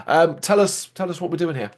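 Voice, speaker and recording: A man with a somewhat raised speaking voice opens the show and chats loosely as co-host. He is offhand and jokey and swears casually. He sounds relaxed and unscripted. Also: on the high side, a little fast. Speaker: co-host of a music reaction show. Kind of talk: casual chat.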